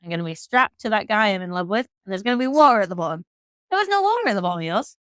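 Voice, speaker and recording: A woman from England with an English accent, a guest telling a story in casual chat, frank and animated, swearing freely. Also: mid-range voice, racing, smooth, dry recording. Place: hostel room.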